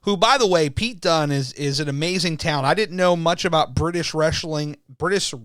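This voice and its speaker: A man hosting a podcast in casual chat, enthusiastic and quick to laugh, sometimes tripping over his words. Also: on the high side, a bit bright, clean tone, dry recording, studio quality. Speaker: podcast host.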